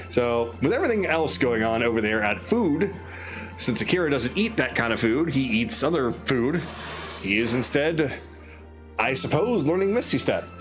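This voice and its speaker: Slow-talking man running a tabletop game. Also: mid-range voice, very animated, fairly bright tone, soft background music. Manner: casual, laughs often, swears. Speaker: dungeon master. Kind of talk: narrating a tabletop game with friends.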